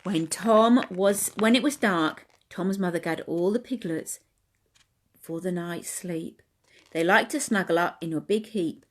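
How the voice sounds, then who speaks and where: A woman's voice: on the low side, unhurried. A woman leading a home playgroup, reading a picture book aloud to toddlers and asking them questions. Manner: asks children questions, sing-song. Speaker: playgroup leader.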